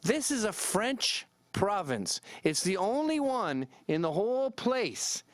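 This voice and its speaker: A man's voice: high-pitched, sing-song, slow pace, no echo. A man giving a rambling, irreverent, jokey commentary as a vlogger. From Canada. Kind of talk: casual commentary to camera.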